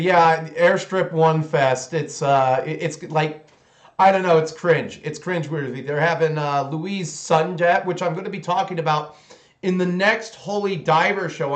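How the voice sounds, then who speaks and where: A man hosting his own hobby channel who rants in an opinionated, sarcastic way and rambles with many fillers. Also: a little high. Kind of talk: casual ranting vlog while painting miniatures. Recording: roomy echo.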